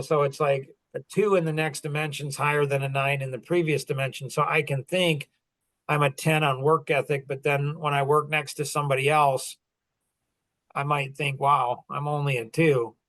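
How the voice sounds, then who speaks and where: A middle-aged business coach and podcast host rambles through stories in a casual chat, with many fillers and restarts. His voice sits on the high side with a fairly bright tone. The audio is poor, though without room sound.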